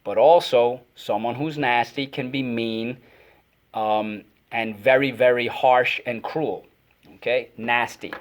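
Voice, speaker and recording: A man's voice: mid-range voice, steady tone, slow. A man teaching a phonics lesson to children, energetically calling out words and repeating them for the class to echo.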